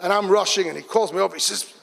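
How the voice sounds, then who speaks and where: Middle-aged man, high-pitched, animated storyteller at a community gathering, reverberant hall. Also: rapid-fire, vocal fry. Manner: lively storytelling, shifts into excited exclamations. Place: large event hall. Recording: long reverb of a big hall.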